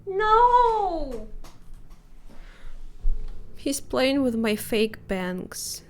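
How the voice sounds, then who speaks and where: Slow-talking woman streamer, chatty asides. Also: mid-range voice. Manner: chatty, jumpy, self-mocking asides. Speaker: game streamer. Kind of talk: casual let's-play commentary.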